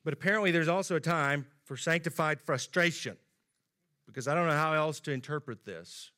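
A man's voice: fairly high pitch, a little fast, bright, forceful tone. A man preaching a sermon in a conversational way, acting out the quoted lines with rising emphasis.

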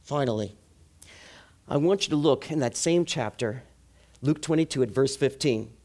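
A male preacher delivering a sermon in an animated way, asking the congregation rhetorical questions. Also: mid-range voice, normal speed.

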